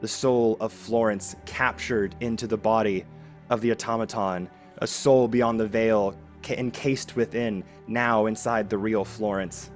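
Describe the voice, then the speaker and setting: A man hosting as game master, with measured narration of the game and lively thanks to his players. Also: fairly low pitch, faint music behind. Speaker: game master and show host. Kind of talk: narrating a tabletop game, then thanking guests.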